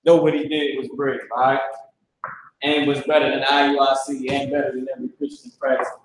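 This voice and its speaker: A man's voice: medium pitch, flat delivery, brisk, a little hiss or hum. Man teaching in a very echoey room. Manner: slangy, blunt and profane, drifts into asides. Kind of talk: loose classroom lecture. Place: classroom.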